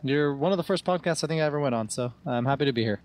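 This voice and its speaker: Fast-talking British man chatting. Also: fairly high pitch, a little mellow. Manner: rambling, chatty, self-deprecating. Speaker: podcast guest. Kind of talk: casual podcast chat.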